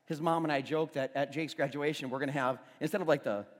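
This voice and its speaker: A man's voice: fairly high pitch, steady tone, fast. Man preaching in a reverberant hall. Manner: conversational storytelling, restarts, swells to loud emphasis. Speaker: pastor. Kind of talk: sermon. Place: church hall. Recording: long reverb of a church hall, faint music.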